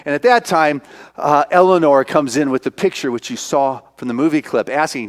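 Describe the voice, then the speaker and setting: A minister retelling a film from the pulpit in a loose, chatty way, with many fillers. His voice sits a little high for a man. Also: normal speed. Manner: casual storytelling, many fillers.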